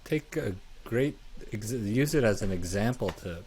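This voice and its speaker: A man co-hosting a casual interview, talking in halting stops and restarts. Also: fairly low pitch, animated, a little mellow, slight background noise. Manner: halting, many restarts and fillers. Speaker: news anchor, co-host. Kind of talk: casual chat.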